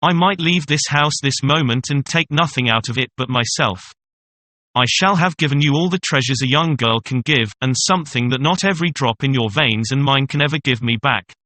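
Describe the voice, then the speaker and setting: A sharp-tongued young mistress who mocks her older lover, read by a man. The voice is bright and clear, with a teasing, scornful edge. It is told as a classic audiobook tale. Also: medium pitch, moderate pace, lightly acted. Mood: mocking. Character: young woman, mocking kept mistress. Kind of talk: audiobook reading.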